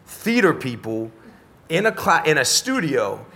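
Middle-aged american dude on a podcast mic, kinda high voice, cussing and rambling through stories. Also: male voice, a little slow. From United States. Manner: animated, profane, street-style slang. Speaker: podcast guest. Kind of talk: casual storytelling interview.

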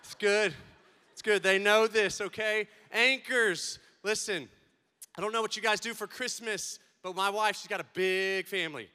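A man giving a comedic keynote to students, playful and animated, swinging between loud and soft. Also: high voice, normal speed, clear, resonant tone. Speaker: speaker addressing students. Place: large event hall. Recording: long hall reverb.

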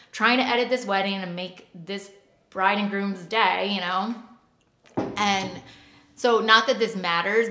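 A woman's voice: mid-range voice, pushed and bright. A woman co-hosting a podcast, telling a personal story in a rambling, casual way full of fillers. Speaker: podcast co-host. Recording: echoey room.

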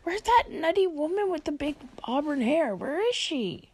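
A woman voicing her pets, who are puzzled and searching for their missing owner, in a high, wondering voice. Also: very animated, moderate pace, darkish tone.

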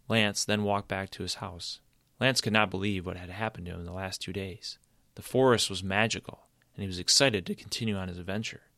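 A man reads a children's storybook aloud in a steady, plain manner. His voice sits fairly low, and the recording is dry with no room sound. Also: fairly quick, no echo. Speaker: narrator. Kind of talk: storybook reading.

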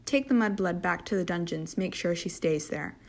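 A woman voicing a cold, haughty aristocratic matriarch who speaks softly and icily in a storybook reading. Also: on the low side, moderate pace. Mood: venomous. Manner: soft and icy.

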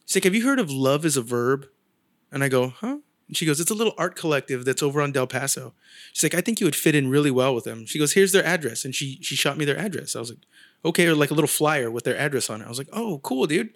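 A man's voice: mid-range voice, fast, a bit bright. A man in casual chat, telling a long story and acting out the people he quotes, swearing freely. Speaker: guest artist.

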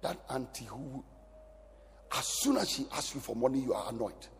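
Animated preacher in an echoing hall. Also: male voice, medium pitch, moderate pace, gravelly, a little hiss or hum. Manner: animated preaching, sudden loud rises and drops to near whisper. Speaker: pastor. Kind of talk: sermon. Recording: long hall reverb.

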